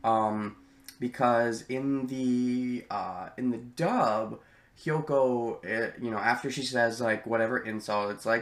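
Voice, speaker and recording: Guy rambling about anime in an echoey room, mid pitch, lots of ums, swears casually. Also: a little slow, a bit bright. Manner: rambling and candid, many ums, swears freely. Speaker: anime reaction youtuber. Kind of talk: casual spoken commentary. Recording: roomy echo.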